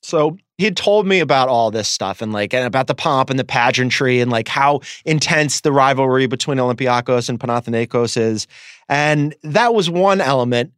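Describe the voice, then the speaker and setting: A man's voice: mid-range voice, a bit bright, clean tone, no room sound. A man hosting a sports podcast in a studio, talking casually and laughing easily. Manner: chatty, laughs easily, quick asides. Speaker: podcast host.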